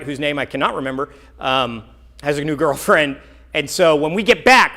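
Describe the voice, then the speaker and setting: A middle-aged man reports on mission work to a church class. His voice is bright and clear and sits a little high. He talks earnestly and rambles, with self-deprecating asides.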